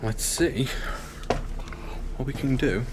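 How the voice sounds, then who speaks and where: Brief: breathless male ghost-hunting vlogger, excitable, faint noise behind. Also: medium pitch, slow pace. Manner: excitable, swears when startled. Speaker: paranormal investigator host. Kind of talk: casual vlog narration. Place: old building, indoors.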